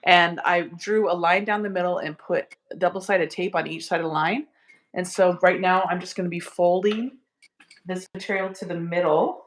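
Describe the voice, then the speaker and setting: A woman chatting while she sews, explaining her steps with excited giggles. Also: on the low side, moderate pace, reverberant. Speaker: guest sewing along.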